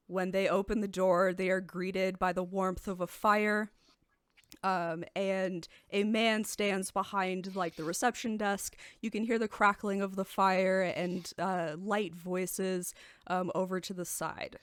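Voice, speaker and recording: A woman narrating a tabletop game as game master, describing scenes in a relaxed way with many ums and uhs. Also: medium pitch, slow pace, smooth, no echo, clean studio sound.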